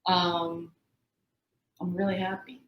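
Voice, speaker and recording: A woman guest sharing her experience in a soft-spoken way. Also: fairly low pitch, flat delivery, slow pace, reverberant, dull audio.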